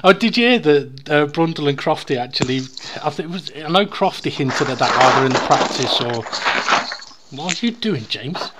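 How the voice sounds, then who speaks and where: A man co-hosting a casual podcast, chatting in a relaxed way and teasing his co-host. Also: a little high, normal speed. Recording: clear background noise.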